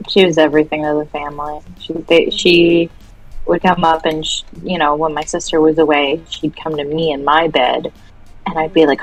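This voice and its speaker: A woman co-hosting a live stream, chatting casually and telling animated stories. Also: sits low, normal speed, faint music behind, low-quality recording. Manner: animated storyteller who acts out her pets. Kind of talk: casual chat.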